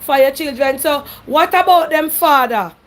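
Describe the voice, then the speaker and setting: A woman's voice: high-pitched, normal speed. A woman hosting a call-in radio show, giving emphatic, preachy advice. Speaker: radio talk show host.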